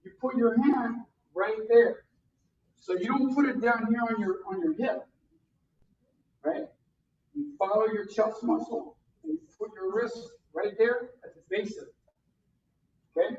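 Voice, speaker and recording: A karate instructor teaching a beginner class, counting out drills and calling punch commands in loud bursts. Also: mid-range voice, unhurried, long pauses. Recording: distant, roomy, dull sound with faint noise.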